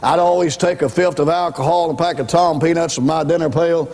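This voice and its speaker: A man's voice: a little high, fairly even intonation, fairly quick, a little mellow, long reverb tail. A man preaching his testimony as an evangelist, telling his story dramatically and speaking straight to the congregation. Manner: dramatic storytelling, acts out voices; emphatic, addresses congregation directly. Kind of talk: sermon testimony.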